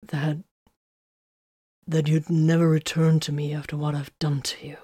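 A woman reading a story, voicing a remorseful wounded male soldier who pleads in halting, apologetic words. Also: deep voice, level tone, dark tone, slightly rough, no room sound, studio quality.

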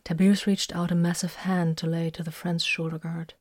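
A woman narrating a story in scripted narration, reading in a measured, even way. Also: sits low, dry recording, studio quality.

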